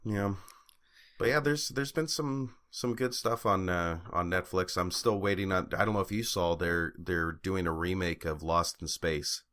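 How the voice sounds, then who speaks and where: Very deep-voiced man chatting on a podcast. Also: steady tone, a little slow, a bit bright. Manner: rambling, frequent fillers and restarts, laughs often. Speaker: podcast co-host. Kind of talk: casual chat.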